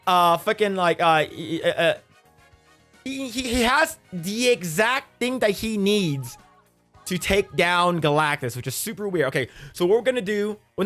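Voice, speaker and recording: High-voiced rambling crude man reviewer. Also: a bit bright. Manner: rambling, crude, profanity-laden, many fillers. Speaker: movie reviewer. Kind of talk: casual movie recap.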